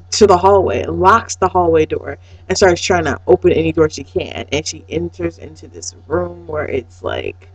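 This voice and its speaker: A woman casually recapping a TV episode, excitable and profane, swinging from hushed to loud. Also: on the low side, dry recording, low-quality recording.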